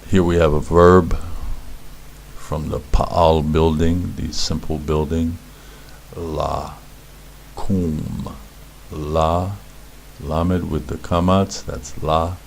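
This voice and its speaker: A man's voice: very deep voice, flat delivery, takes it slowly, gravelly, a little hiss or hum. A man teaching beginners Hebrew letters, patiently repeating words and sounds as he explains. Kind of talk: instructional explanation.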